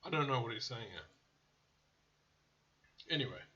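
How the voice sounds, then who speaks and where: A man's voice: mid-range voice, expressive, moderate pace, bright, forceful tone, highs cut off. A man hosting a car channel, casually reviewing car ads in a blunt, profane way that often turns into rants. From South Africa.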